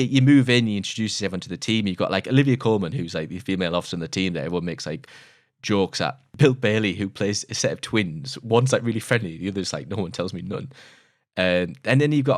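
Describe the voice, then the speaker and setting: Fast-talking, low-voiced British man. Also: expressive, dry recording, clean studio sound. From Britain. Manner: rambling and enthusiastic, often correcting himself. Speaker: film review co-host. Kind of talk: casual film review chat.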